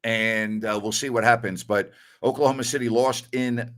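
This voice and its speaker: A man's voice: mid-range voice, steady tone, normal speed, a bit bright. A middle-aged man hosting a sports talk show, blunt and opinionated, telling stories with a laugh. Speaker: sports radio host.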